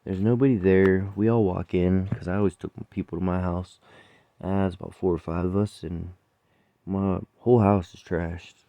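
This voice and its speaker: Chef, male, very low voice, blunt swearing storyteller, rambling delivery, dry sound. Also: steady tone, normal speed, no echo, lo-fi sound. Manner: blunt, profane, rambling with laughs. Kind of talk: personal storytelling monologue.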